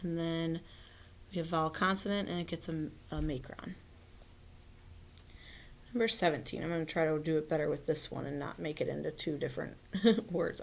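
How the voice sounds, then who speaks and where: Low-voiced woman teaching phonics. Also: moderate pace, creaky. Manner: patient, explains step by step, often asks "right?". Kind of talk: recorded phonics lesson for children.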